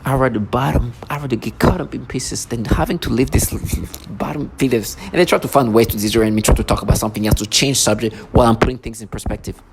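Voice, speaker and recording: A man's voice: mid-range voice, fast talker, gravelly, hardly any pauses. A man in an angry vlog monologue, ranting and agitated, stumbling over restarts. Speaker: vlogger. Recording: noisy recording.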